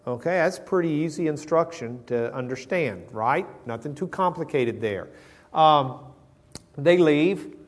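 A man's voice: a little high, animated, measured pace. A man teaching a casual Bible lesson with humor, acting out the characters he quotes in a conversational way. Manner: conversational with fillers.

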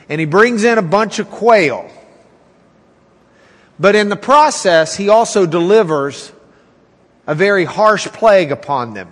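A man's voice: animated, unhurried, pauses often, a bit bright, in a large hall. A man teaching a Bible class in a folksy sermon style, acting out the people's complaints in a raised voice. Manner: folksy, acts out quotes with raised pitch.

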